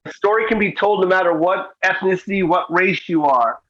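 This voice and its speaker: A middle-aged man talks earnestly in an interview, his voice sitting a little high. He keeps checking in with the listener as he makes his point. The recording sounds muffled and lo-fi. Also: brisk, crowd noise. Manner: earnest, repeats "you know what I mean". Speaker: guest comedian and actor. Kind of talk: interview conversation.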